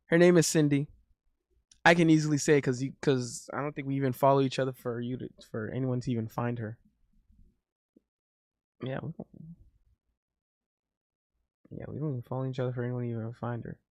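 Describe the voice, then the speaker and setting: A man's voice: mid-range voice, no room sound, studio quality. A young man telling a rambling, casual story as a streamer, with lots of restarts and laughter.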